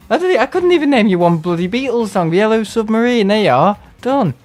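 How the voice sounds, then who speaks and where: He's an Englishman rambling through casual live-stream chat while gaming, full of sarcasm and put-on voices mimicking others. His high-pitched, expressive voice moves fast with hardly any pauses, against faint music.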